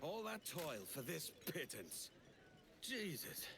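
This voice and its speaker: An actor voicing a cocky, gruff British pirate captain in a video game, heard over game music. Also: male voice, fairly high pitch, sing-song, slow pace, background noise, heavily acted. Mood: grumbling. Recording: game audio under music.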